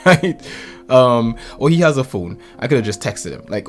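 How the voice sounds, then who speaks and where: A man chats casually and tells stories, acting out each quoted line. His pitch swings widely as he goes, and faint music plays underneath. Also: moderate pace. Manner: animated storyteller, acts out quotes. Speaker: podcast guest. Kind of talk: casual chat.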